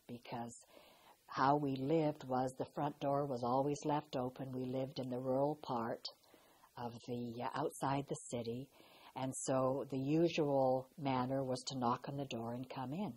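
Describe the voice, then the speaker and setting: An older woman recalling her past in a slow, reflective way, pausing and restarting as she tells her story. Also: a bass voice, a little mellow, slightly rough, low-quality recording. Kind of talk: personal recollection.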